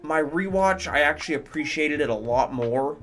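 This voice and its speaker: A man's voice: fairly high pitch, lively intonation, moderate pace, fairly bright tone, faint music behind. A man reviewing movies in casual commentary, enthusiastic, profane and rambling.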